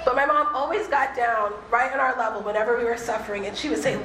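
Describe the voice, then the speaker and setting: Woman with a high voice giving an earnest faith talk, chatty, echoey room, a bit of background hum. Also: fairly bright tone. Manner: earnest, conversational, slows for emphasis. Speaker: speaker. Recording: echoey room with faint ambience.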